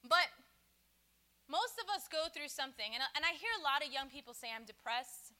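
A woman in her thirties talks to a young crowd in a loose, chatty way, acting out little conversations as she goes. Her voice sits high and sounds very bright and sharp. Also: fairly quick. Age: 30s. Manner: chatty, animated, acts out quoted dialogue with laughs. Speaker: youth speaker. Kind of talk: casual storytelling talk to young people.

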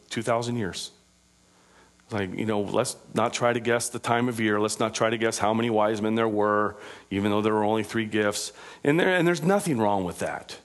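A man preaching a sermon as pastor, moving between raised, emphatic proclaiming and quiet, conversational asides, with an informal manner and frequent fillers. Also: fairly low pitch.

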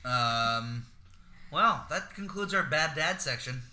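A man trading casual banter on a comedy podcast, swearing freely and throwing in dry, sardonic jokes. His voice is bright and swings widely in pitch as he reacts. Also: animated, takes it slowly. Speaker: podcast co-host.

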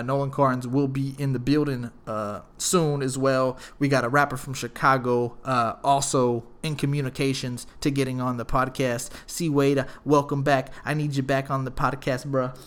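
Profane, slangy podcast host. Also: male voice, mid-range voice, fairly bright tone. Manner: profane, slangy, rambling with many fillers. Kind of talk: casual storytelling.

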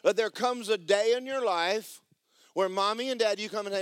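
A man preaching a sermon as pastor in a church, animated and emphatic with folksy humor. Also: high voice, normal speed, smooth, no room sound, clean studio sound. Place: church sanctuary.

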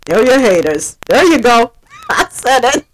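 A woman's voice: fairly high pitch, sing-song, unhurried, a little hiss or hum, low-quality recording. A woman hosting a casual podcast, reading news and joking with blunt asides and frequent laughs. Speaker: podcast host. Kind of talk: casual chat and news recap.

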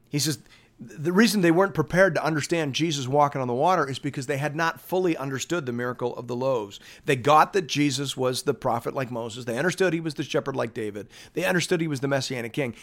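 Man, middle-aged, pastor, sermon, animated, emphatic peaks, mid pitch.

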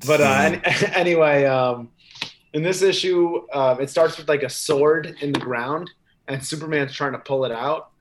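A man's voice: on the high side, moderate pace, a little hiss or hum. A man co-hosting a comic book podcast, retelling a story in a rambling, casual way with acted-out quotes. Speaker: podcast co-host.

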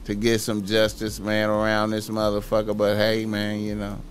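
A man's voice: on the low side, monotone, moderate pace, soft background music. A man talking casually on a livestream, rambling, repeating filler words and swearing freely.

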